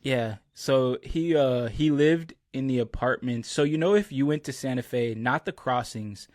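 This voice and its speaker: A man's voice: mid-range voice, normal speed, no room sound, clean studio sound. A man hosting a podcast, chatting casually and telling stories with lots of "like" and "bro". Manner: relaxed storyteller, many "like" and "bro" fillers. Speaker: podcast host. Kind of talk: casual chat.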